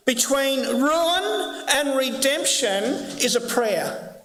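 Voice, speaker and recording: A man's voice: extremely high pitch, takes it slowly, a bit bright. A man preaching a sermon as pastor, earnest and emphatic, with lots of repetition. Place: church sanctuary. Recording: echoey church hall reverb.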